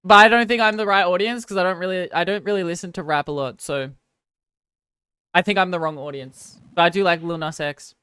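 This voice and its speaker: A woman's voice: lowish voice, a little fast, a bit bright, clear, resonant tone, dry recording, clean studio sound. A woman streamer chatting casually with viewers, rambling and apologizing in a self-deprecating way.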